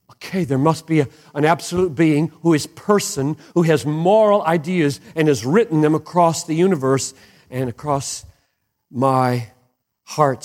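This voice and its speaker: A man preaching a sermon with passion, dropping to hushed lows and rising to emphatic peaks. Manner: impassioned, swings from hushed to soaring emphatic peaks. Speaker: pastor.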